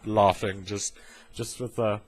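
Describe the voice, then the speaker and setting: A man rambles through a casual gaming vlog with a slightly husky, breathy voice. He laughs often and keeps breaking into mocking put-on voices, telling his stories loosely and for fun. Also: fairly low pitch, little pitch movement, takes it slowly. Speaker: gaming vlogger.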